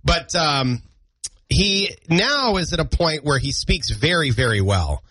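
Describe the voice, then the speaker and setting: A man's voice: on the high side, big pitch swings, slow, a bit bright. A man hosting a morning radio show, chatting casually and telling self-deprecating family stories, a bit congested from allergies. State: congested from allergies, clearing throat. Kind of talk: casual on-air banter. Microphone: studio broadcast mic.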